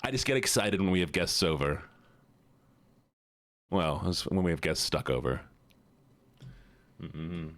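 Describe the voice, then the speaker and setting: Excitable man chatting on a livestream. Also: low-pitched, a little slow, long pauses. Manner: excitable, chatty, greets and thanks viewers. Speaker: streamer. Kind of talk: casual livestream chat.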